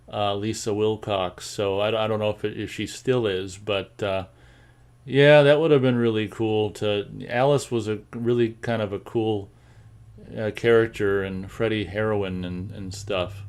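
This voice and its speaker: An American man hosts a casual live show, answering chat comments in a low-pitched voice. He rambles along with plenty of fillers, restarts and repeated words. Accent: General American.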